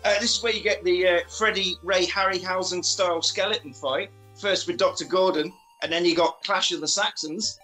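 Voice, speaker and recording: A man casually recapping a film for friends, animated and sweary, acting out the characters in funny voices. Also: sits high, normal speed, few pauses, faint music behind, low-quality recording. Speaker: podcast host recapping a film.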